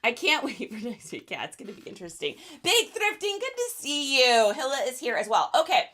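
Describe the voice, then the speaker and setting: A woman hosting a casual livestream while packing orders, chatty and high-energy. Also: very animated, a little fast, fairly bright tone. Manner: high-energy, chatty, reads out viewer names. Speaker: reseller livestream host.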